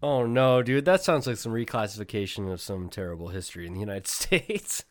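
A man's voice: on the low side, fairly quick. A man co-hosting a comedy podcast, chatting casually, incredulous and profane, laughing often. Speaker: podcast co-host.

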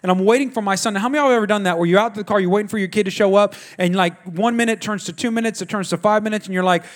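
A man's voice: sits high, racing. A man, preaching a sermon in a conversational way, telling family stories and talking to the congregation directly. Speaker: pastor.

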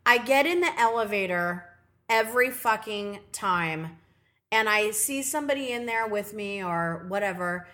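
A woman's voice: medium pitch, animated, unhurried, bright, forceful tone. A woman co-hosting a podcast in casual, frank chat, swearing often and laughing. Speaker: podcast co-host.

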